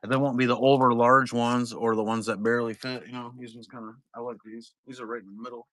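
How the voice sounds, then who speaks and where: A man running a card break stream, talking loose and rambling with plenty of cursing. His voice is bright and forward, and it sounds dry and close with hardly any room around it. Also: mid-range voice, little pitch movement, quick pace, no echo. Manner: rambling, profane, laid-back. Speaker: trading card break seller. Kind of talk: casual livestream chat.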